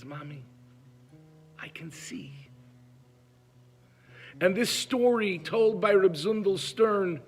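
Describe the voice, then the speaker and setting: A man telling a moving story in an emotive way. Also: high-pitched. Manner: emotive, acts out pleas in a raised voice. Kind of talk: heartfelt storytelling.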